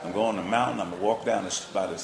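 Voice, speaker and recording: A preacher retelling Jesus's words in a relaxed, everyday voice. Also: male voice, lowish voice, quick pace, gravelly, crowd noise. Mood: easygoing. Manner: easygoing, conversational. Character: Jesus speaking casually to a would-be follower. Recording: roomy echo.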